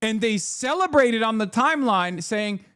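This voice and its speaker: A man's voice: high-pitched, expressive, normal speed, pushed and bright, smooth, dry recording. Heated streamer man, dry close sound. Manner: heated, indignant, frequent restarts and fillers. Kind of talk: political commentary stream.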